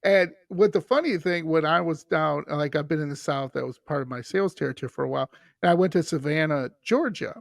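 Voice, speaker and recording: A man's voice: on the high side, a little fast, vocal fry, few pauses, no room sound, clean studio sound. A man, a podcast guest telling stories in casual chat and acting out the people he quotes. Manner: animated storyteller who acts out quoted voices.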